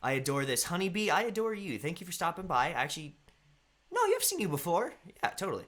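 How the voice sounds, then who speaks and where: A man's voice: a little high, big pitch swings, quick pace, fairly bright tone. A young man hosting a live stream, chatting casually and greeting viewers by name in a rambling way. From United States.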